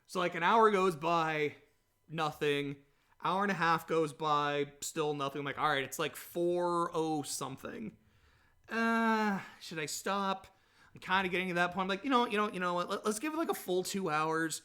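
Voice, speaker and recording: A man hosting a solo podcast, rambling and chatty, telling stories in a casual, animated way. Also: high-pitched, normal speed, smooth. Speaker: podcast host.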